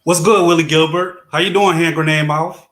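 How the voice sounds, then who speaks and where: A man's voice: a little high, fairly even intonation, normal speed, a bit bright, reverberant. A man calling in to a live stream, speaking in a mocking way. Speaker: caller.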